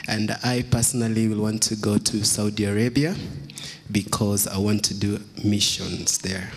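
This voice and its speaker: A man's voice: on the low side, fairly even intonation, moderate pace. A man from the congregation giving an earnest, slightly hesitant answer. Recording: reverberant church hall.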